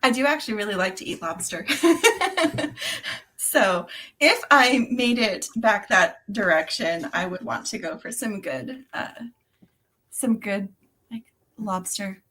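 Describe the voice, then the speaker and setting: A woman's voice: mid-range voice, a little slow, pushed and bright. A woman co-hosting a crafting livestream, chatting casually, greeting viewers by name and laughing often between remarks. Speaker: co-host of a beading livestream. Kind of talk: casual chat, reading out viewer comments.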